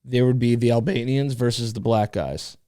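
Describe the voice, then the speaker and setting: A young man co-hosting a podcast in a casual, rambling way, full of fillers and swearing. His voice is smooth and clear, in a middle pitch for a man. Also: moderate pace, dark tone. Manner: rambling, profane storytelling with fillers. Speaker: podcast co-host. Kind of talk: casual chat.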